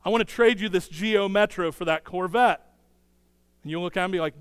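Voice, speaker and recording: A man delivers a sermon in a high, smooth voice, slipping into quick acted-out dialogue as he tells his story. His voice carries a long reverb from a large hall. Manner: animated storytelling, acts out dialogue in quick bursts. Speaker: pastor.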